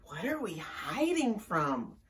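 A woman voicing a jittery little skunk that talks high and alarmed. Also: very animated, takes it slowly, recorded from a distance.

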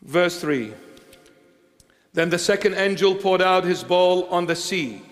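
A man preaching a sermon as a bishop, impassioned and repetitive, swinging from loud declarations to hushed tenderness. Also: high voice, slow pace, big-room sound, soft background music. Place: church.

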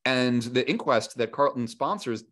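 A historian and author appears as an interview guest, chatting casually and acting out historical figures' words, with many fillers and restarts. His mid-range voice is expressive and fairly bright, at a moderate pace.

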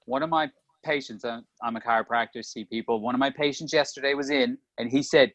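A man with a Canadian accent tinged slightly Australian, a chiropractor co-hosting a casual podcast, telling stories in a chatty, animated way. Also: medium pitch, brisk, no echo. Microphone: remote call mic. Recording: dull lo-fi dry remote audio.

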